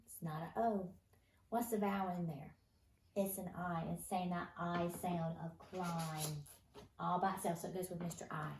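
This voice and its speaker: A woman's voice: lowish voice, darkish tone. A woman teaching a phonics lesson to first graders, patient and encouraging, answering the children's imagined replies. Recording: echoey room with faint noise.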